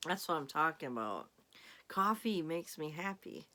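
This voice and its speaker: A woman's voice: low-pitched, sing-song, normal speed, sharp tone. A woman vlogger chatting casually to her camera in a rambling, giggly way.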